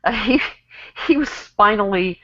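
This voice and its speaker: A woman on a casual online panel, explaining a topic in a wry, measured way over a video call. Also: medium pitch, lively intonation, fairly bright tone, dull audio.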